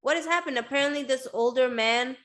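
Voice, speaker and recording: A woman's voice: sits high, brisk, a bit bright. A woman hosting a casual interview, chatty and giggly, with lots of filler words. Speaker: host.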